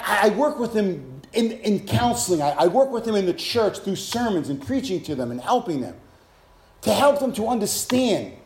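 A high-pitched man preaching a sermon in an echoey room, his voice ringing off the walls. He moves between calm teaching and fervent, shouted exhortation to his congregation. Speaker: pastor.

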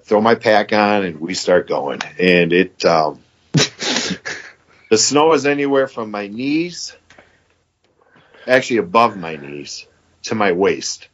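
Fifties podcast guest, male, raspy and somewhat low, a loose rambling storyteller who acts out what others said; muffled lo-fi sound. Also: very animated, slow pace, long pauses. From Michigan. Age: 50s. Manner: rambling, quotes others with "he goes". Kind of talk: casual storytelling.

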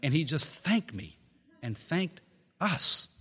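A man's voice: big pitch swings, takes it slowly, breathy edge. Man preaching a sermon in a reverberant hall. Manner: storytelling, rising to loud peaks then dropping low. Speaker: pastor. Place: meeting house.

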